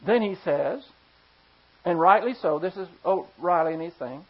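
On a somewhat dull, lo-fi recording, a pastor gives a forceful, expressive sermon at a moderate pace. His voice is husky and middling in pitch, and he repeatedly challenges the congregation with pointed rhetorical questions.

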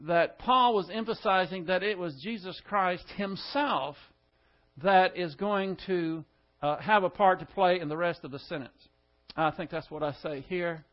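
A man's voice: high voice, lo-fi sound. A male pastor giving an expository Bible lesson, methodically explaining the word order of the Greek text.

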